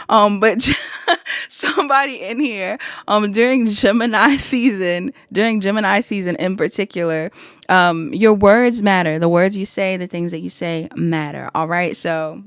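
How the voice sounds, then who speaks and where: A chatty woman tarot reader speaking in a middle-pitched voice and addressing viewers directly as she reads. She often breaks off laughing at herself. The sound is dry and close, with no room echo. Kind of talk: casual pick-a-card reading.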